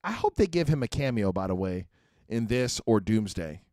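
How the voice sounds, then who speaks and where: A man hosting a casual pop-culture podcast, excitable, often restarting his sentences. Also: fairly low pitch, normal speed, dry recording, clean studio sound. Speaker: podcast host. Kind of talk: casual chat.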